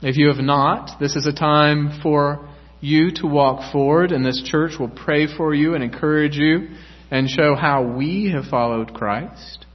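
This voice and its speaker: A male pastor preaching a sermon in a church, earnest and measured. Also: on the high side. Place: church sanctuary. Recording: echoey church hall, dull lo-fi sound.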